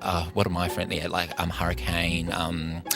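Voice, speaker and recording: Gossipy lower-voiced man. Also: monotone, gravelly, over music. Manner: gossipy, chatty, quick to joke. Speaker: radio co-host. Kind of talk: casual chat.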